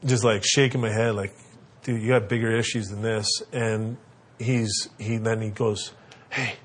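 A man in his thirties, a father, casually telling family stories and giving parenting advice, acting out his kids in high squeaky voices. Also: unhurried, slightly rough. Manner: animated, acts out kids' voices in a high pitch.

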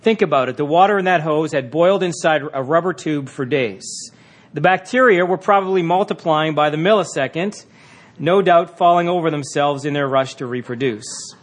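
A man's voice: on the high side, moderate pace. A man teaching a session on marriage, talking conversationally with fillers and reading passages aloud. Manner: conversational, with frequent fillers and restarts.

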